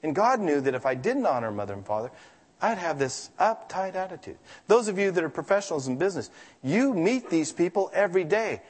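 A man preaching a sermon in an emphatic, animated way, breaking into dramatic asides. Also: high-pitched, fairly quick. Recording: long hall reverb.

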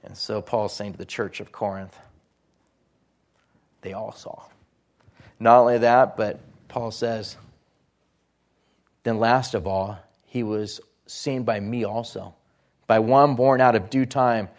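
A man's voice: steady tone, slow, pauses often. Man, preacher, sermon, scripture reading, earnest, emphatic rises, trailing phrase ends. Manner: earnest, reads scripture aloud and then explains it; rises in pitch and volume for emphasis, drops low at phrase ends.

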